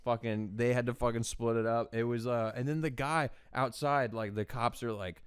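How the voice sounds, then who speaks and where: A young man co-hosting a comedy talk show, telling an animated story full of swearing and shouted quotes. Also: medium pitch, normal speed, smooth, no room sound, clean studio sound. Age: young adult. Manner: animated, swears a lot, acts out shouting people. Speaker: co-host. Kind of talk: casual chat.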